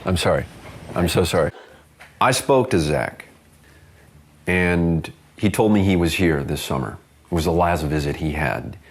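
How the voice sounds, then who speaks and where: A man's voice: sits low, unhurried, long pauses. A man interviewing in a mock-serious documentary style, earnest and probing.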